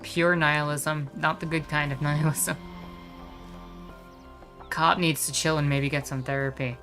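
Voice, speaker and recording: A woman's voice: deep voice, steady tone, unhurried, fairly bright tone, soft background music. A woman streaming a video game, adding casual commentary and wry, joking asides.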